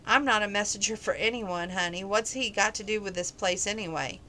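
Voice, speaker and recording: A woman reading the part of a poised, flirtatious female stranger who talks smoothly and coyly. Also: mid-range voice, brisk, pushed and bright, slight background noise, lightly acted.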